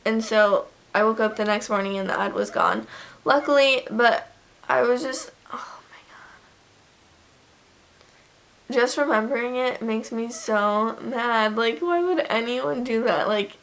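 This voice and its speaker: A woman's voice: on the high side, lively intonation, unhurried, fairly bright tone. A teenage girl telling a storytime vlog in a rambling, casual way, packing her talk with "like" and swearing freely. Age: teens. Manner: rambling, fills every phrase with "like", swears freely. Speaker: vlogger.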